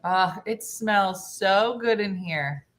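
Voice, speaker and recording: A woman comedian hosting a casual baking chat in a home kitchen, telling stories with animated impressions of her friends. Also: slow pace. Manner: animated, does loud shrill impressions of friends. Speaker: comedian and host. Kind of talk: casual storytelling while baking.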